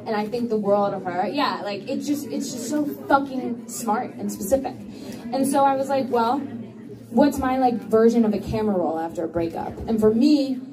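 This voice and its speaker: A woman's voice: on the high side, distant mic, poor audio. A young woman chatting casually with fans from a small stage, bubbly and swearing freely between laughs. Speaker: singer at a fan showcase. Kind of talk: casual onstage chat with fans. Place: small crowded showcase venue. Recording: phone recording from the audience, crowd noise.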